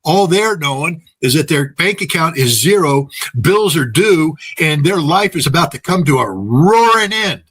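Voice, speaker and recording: Appearing as an interview guest, a political commentator with a slightly husky voice speaks off the cuff, hammering points home by repeating phrases and leaning on everyday examples between his ums and uhs. His voice is on the high side, expressive, and a bit bright, at normal speed with hardly any pauses. He's folksy and laughs at his own points.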